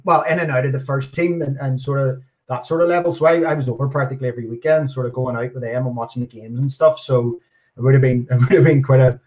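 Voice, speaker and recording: A man's voice: mid-range voice, darkish tone. A Northern Irish man chatting as a podcast guest, hesitant, with many fillers and restarts. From Northern Ireland. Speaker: guest, card designer. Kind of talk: casual chat.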